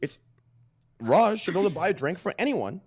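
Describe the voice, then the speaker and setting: A man's voice: high-pitched, sing-song, a little fast, breathy edge. A man in casual group banter on a podcast, emphatic and repeating himself. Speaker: podcast guest.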